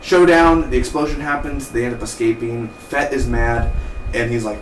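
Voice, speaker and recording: A man casually recapping a TV episode, rambling and acting out the characters' lines in quick offhand impressions. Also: mid-range voice, steady tone. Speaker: TV review vlogger. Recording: roomy, distant from the mic, faint noise.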